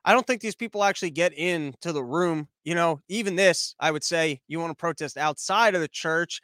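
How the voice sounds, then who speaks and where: A man's voice: sits high, a bit bright, clean tone, no echo. An American man hosting a commentary show, ranting in a rambling, profane, sarcastic way.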